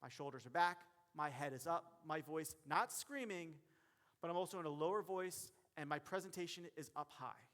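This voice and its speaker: A man giving a motivational keynote as a referee, speaking directly to the audience in a lively way. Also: fairly high pitch, normal speed. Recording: long hall reverb.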